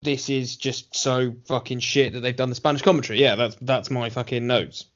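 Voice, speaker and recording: A man's voice: medium pitch, steady tone, moderate pace. A man co-hosting a wrestling review podcast, talking bluntly and dismissively with lots of swearing. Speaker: podcast co-host. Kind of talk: casual wrestling review chat. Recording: dull lo-fi podcast audio.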